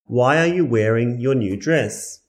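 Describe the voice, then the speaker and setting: A man reading English listening-test items aloud in a careful, deliberate way. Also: mid-range voice, animated. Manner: careful, deliberate, each item said twice. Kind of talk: slow scripted exam reading.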